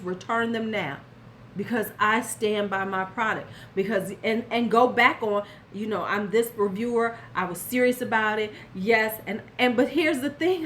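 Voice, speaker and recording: This is a casual commentary vlog in which an older woman dishes out blunt, sassy beauty advice to the viewer and now and then answers chat. Her mid-range voice is fairly bright, with a little hiss or hum in the background.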